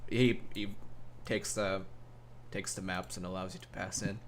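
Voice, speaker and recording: A man narrating a tabletop role-playing game as game master, in an animated way with frequent fillers. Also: deep voice, normal speed, slight background noise.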